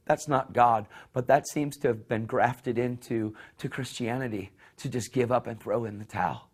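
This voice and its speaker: Guy preaching a sermon, fired up story, repeats himself a lot, goes soft and quiet doing the characters. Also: mid-range voice, normal speed, hardly any pauses. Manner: impassioned storytelling, acts out voices softly; repeats words and restarts phrases.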